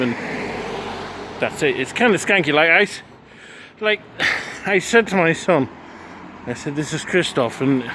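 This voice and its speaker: A man's voice: on the high side, background noise. A man in his forties giving a frank, rambling spoken recap of his travel day, full of restarts and swearing. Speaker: travel vlogger. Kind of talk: casual spoken recap to camera.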